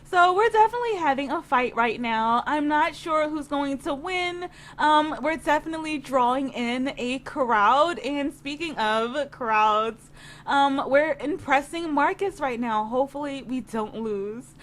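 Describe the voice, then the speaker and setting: A young adult woman giving chatty game commentary, full of fillers and quick giggles. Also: high voice, a bit bright. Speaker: gaming video creator.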